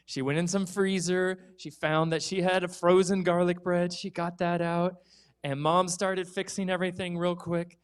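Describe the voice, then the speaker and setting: A man telling a children's story in a church service, animated and lively, acting out the kids' voices. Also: a little high, clean tone.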